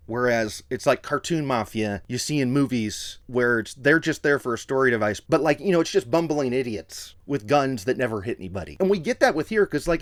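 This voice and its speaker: A man reviewing a TV episode in a casual, excitable, slangy way. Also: medium pitch, dry recording. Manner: excitable, slangy, quotes characters in voices.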